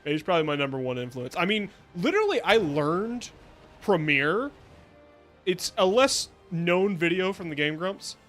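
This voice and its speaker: Young guy streaming a game, rambly and chatty, kinda high voice, faint music behind. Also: very animated, normal speed, fairly bright tone. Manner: rambling, chatty, laughs often, silly sing-song asides. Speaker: VTuber streamer. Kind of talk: casual gameplay stream chat.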